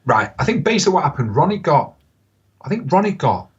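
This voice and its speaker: Husky-voiced man telling stories. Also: fairly high pitch. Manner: animated anecdotes, quick bursts, laughs often. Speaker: podcast guest, football pundit. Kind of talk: casual storytelling chat. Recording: slightly dull lo-fi podcast audio.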